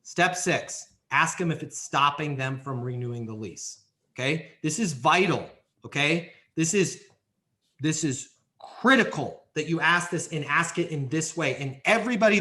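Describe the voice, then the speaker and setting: Emphatic male sales coach, bright voice. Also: on the high side. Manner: emphatic, coaching, acts out role-play examples. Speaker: leasing sales trainer, podcast guest. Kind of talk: podcast interview, teaching sales steps.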